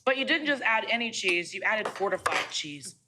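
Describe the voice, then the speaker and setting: A woman's voice: mid-range voice, sing-song, normal speed, noisy background. A woman co-hosting a cooking show, effusively praising a dish she is tasting. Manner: effusive and enthusiastic. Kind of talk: casual tasting chat.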